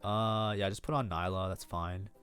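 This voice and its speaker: A deep, steady male voice, a bit bright and clean with no echo, moves at normal speed over soft background music. As a streamer reviewing his own match, he swears, flares up in frustration and keeps up a self-blaming, nonstop flow of casual gameplay commentary.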